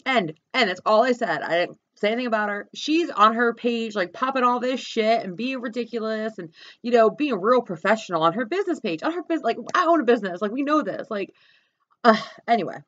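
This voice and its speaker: A woman's voice: fairly high pitch, lively intonation, brisk, fairly bright tone, highs cut off. A woman from South Jersey ranting profanely and bluntly in a vlog, talking from her car. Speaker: vlogger. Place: car with dogs.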